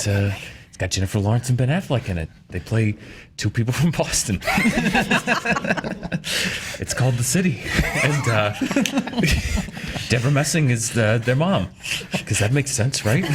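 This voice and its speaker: A man joking his way through a casual panel pitch, his pitch rising and falling freely. His delivery stays dry even while he chuckles. Loud noise fills the recording behind him. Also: moderate pace, long pauses.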